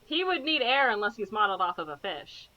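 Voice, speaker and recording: A woman's voice: mid-range voice, sing-song, a little fast, bright, forceful tone. A woman co-hosting a podcast, casually retelling a movie plot with lots of fillers and acted-out character lines. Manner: rambling, full of fillers, acts out characters' lines. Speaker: podcast co-host. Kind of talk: casual chat recapping a movie. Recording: dull lo-fi podcast audio.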